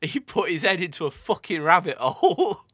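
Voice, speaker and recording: A man's voice: sits high, big pitch swings, normal speed, a bit bright, no echo, studio quality. A young man from Doncaster, co-hosting a casual podcast chat, laid-back and laughing easily as he swears his way through stories. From Doncaster, England. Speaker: podcast co-host.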